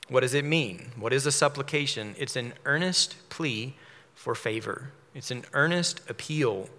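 A man preaching a measured sermon, explaining a psalm verse by verse. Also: medium pitch, sharp tone. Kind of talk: expository sermon. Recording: long hall reverb.

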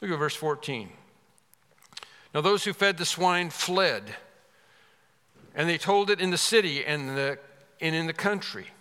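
A man preaching a sermon, earnest and emphatic, often restarting and suddenly rising in pitch and volume to stress a point. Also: animated, measured pace, long pauses, bright, forceful tone, in a large hall.

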